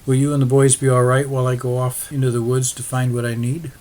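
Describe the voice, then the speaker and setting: A man voicing a gentle, practical Irish settler who speaks calmly and reassuringly to his wife. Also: medium pitch, fast talker, close to an everyday voice.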